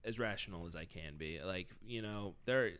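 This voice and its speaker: A man's voice: sits low, moderate pace, fairly bright tone, clean tone. A man co-hosting a podcast in casual chat, easygoing with dry humor. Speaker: podcast co-host.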